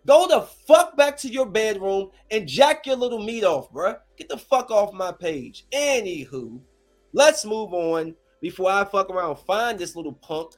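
A man's voice: sits high, animated, measured pace, faint music behind. A man in his thirties, a streamer, delivering a heated, profane, confrontational rant to his viewers. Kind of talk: angry rant to camera.

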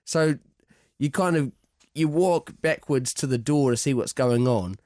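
A man excitedly telling a sweary ghost story as a podcast guest. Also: medium pitch, unhurried, dry recording, studio quality. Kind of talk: casual storytelling.

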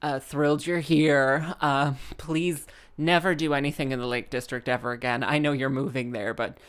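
Low-voiced woman, rambling story. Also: fairly even intonation, normal speed, smooth. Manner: rambling, filler-heavy, exasperated. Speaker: musician telling a personal story. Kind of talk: casual comic storytelling.

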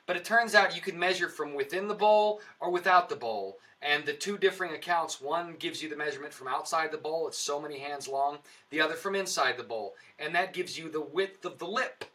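A man's voice: a little high, brisk, few pauses, sharp tone, distant mic. A man guest speaking in a casual interview, earnest and rambling, with a preacher-like way of explaining things. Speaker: comedian and actor, podcast guest.

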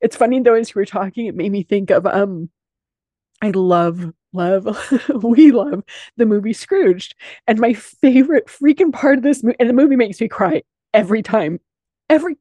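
Female podcast host, earnest and expressive, higher and mellow, dry sound. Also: moderate pace, dry recording. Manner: earnest, expressive, casual swearing. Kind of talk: casual podcast chat.

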